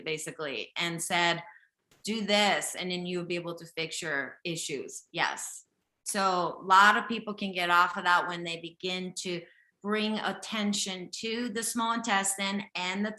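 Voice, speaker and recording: A Japanese woman, whose first language is Japanese and who has a slight accent, hosts a live one-on-one intuitive health reading with a participant. Her voice sits on the low side and sounds bright and forceful in a roomy space. She speaks directly and insistently, often checking in with "okay?"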